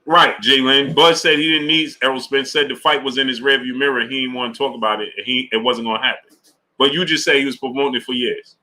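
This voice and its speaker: Animated, bright-voiced man hosting a live stream. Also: medium pitch, quick pace. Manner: animated, talks to chat viewers by name. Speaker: sports live-stream host. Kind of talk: casual live-stream commentary.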